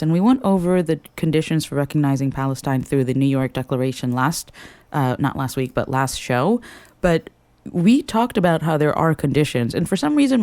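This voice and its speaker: A sassy political commentary host speaks bluntly and swears casually. The voice is mellow and smooth, recorded close and dry with no room sound. The delivery is a relaxed, opinionated chat to the audience. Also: medium pitch, dry recording.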